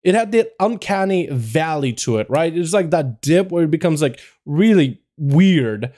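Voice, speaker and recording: A man's voice: a little high, animated, a little slow, mellow. A young man hosting a gaming livestream, chatting and joking with his viewers in a rambling casual way. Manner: chatty, rambling, jokey, talks to chat. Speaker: livestream host. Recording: faint music behind. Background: faint background music.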